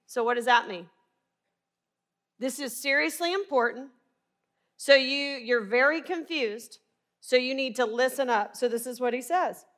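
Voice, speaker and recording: Pausing often at a measured pace, a middle-aged woman speaks in a high, slightly bright voice. She's from Arkansas, with a Southern American twang, and she teaches Scripture earnestly and emphatically, regularly posing rhetorical questions to listeners.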